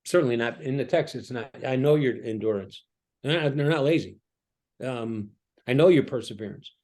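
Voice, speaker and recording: A middle-aged man who is a pastor offers a contemplative preaching talk, full of ums and restarts. His medium-pitched voice has a darkish tone.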